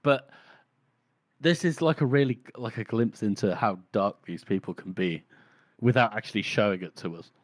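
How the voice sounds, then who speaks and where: A man talking things over on a book podcast, reflective and loose, with some swearing. His voice sits low. The sound is dry and close. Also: moderate pace, dry recording. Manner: reflective, swears, uses fillers. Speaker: podcast co-host. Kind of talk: casual book discussion.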